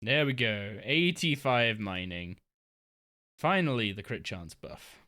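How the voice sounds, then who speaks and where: A woman's voice: extremely low pitch, lively intonation, slow pace, a bit bright. A woman live-streaming a game from her home desk, chatting casually and rambling with lots of fillers and restarts. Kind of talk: casual live-stream chat while gaming.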